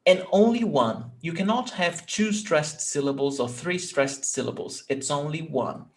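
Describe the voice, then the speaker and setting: Male language tutor, slow and patient, slightly high voice, keeps checking understanding. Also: animated. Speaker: Portuguese teacher. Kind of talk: online language lesson.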